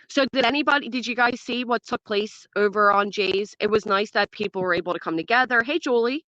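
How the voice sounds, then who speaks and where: A woman's voice: medium pitch, brisk, few pauses, a bit bright, no echo. A woman in her thirties hosting a casual livestream, chatting and greeting viewers by name as she reads the chat. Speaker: livestream host. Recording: dull dry sound.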